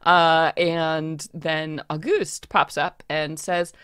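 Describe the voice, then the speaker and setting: A woman's voice: deep voice, extremely slow, clear, resonant tone, no echo, studio quality. A woman narrating as game master in a tabletop role-playing session, chatty and laughing often. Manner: lively, laughing, conversational.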